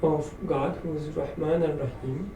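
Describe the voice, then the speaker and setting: A man's voice: fairly high pitch, steady tone, measured pace, creaky, dark tone, highs cut off. A man leading an informal religious study session, reflective and self-deprecating, with light laughs. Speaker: study circle leader. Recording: roomy echo, distant mic, faint room noise.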